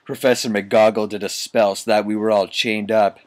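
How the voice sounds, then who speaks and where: A man's voice: fairly low pitch, level tone, moderate pace, a little mellow, dry recording. A young man doing a comic reading of a bad story, mocking and swearing at the text. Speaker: reader.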